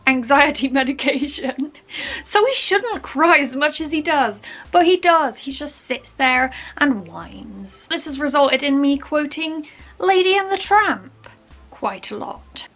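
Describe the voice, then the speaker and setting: A young woman chatting casually in her vlog, jumping into loud quoted film lines. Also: sits high, lively intonation, a little slow, soft background music. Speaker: vlogger.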